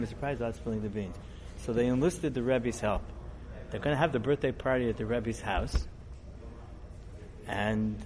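A middle-aged man, a rabbi, giving a storytelling sermon in a conversational, digressive way that grows animated as the story builds. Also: medium pitch, slight background noise.

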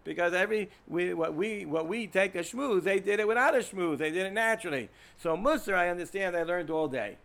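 A man's voice: sits high, lively intonation, brisk, gravelly, hardly any pauses, a bit bright. A man with an American accent giving an informal Torah lecture to students, rambling, repeating words and asking the class questions. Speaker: Torah teacher.

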